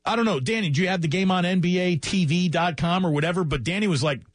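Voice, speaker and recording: A man hosting a sports radio show, running through scores in a brisk, joking, chatty way and taking calls in a studio. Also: high-pitched, no echo.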